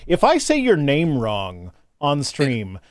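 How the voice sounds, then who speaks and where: A man's voice: fairly high pitch, huge pitch swings, slow, no echo, clean studio sound. Casual man hosting a charity stream. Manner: loose, swears often, reads out donations. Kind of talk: casual livestream chat.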